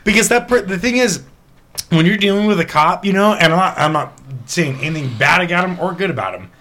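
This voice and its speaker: A man's voice: high-pitched, animated, a little fast, bright, forceful tone. A man in casual chat, talking emphatically and swearing a lot.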